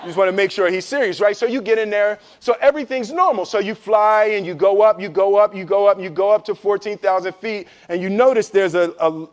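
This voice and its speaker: A middle-aged man telling a story to an audience in a casual, animated way, acting out voices and laughing as he goes. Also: sits high. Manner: casual, many fillers and repeats.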